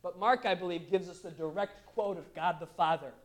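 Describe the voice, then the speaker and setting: A male pastor preaching a sermon, moving between quiet asides and loud, emphatic bursts. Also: high-pitched, a little fast.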